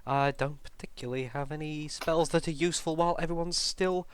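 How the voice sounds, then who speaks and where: A man taking part in a tabletop role-playing game. He thinks aloud at an unhurried pace. His voice is smooth and clear and sits a little high. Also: fairly even intonation, dry recording. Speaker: player. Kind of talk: casual tabletop game chat.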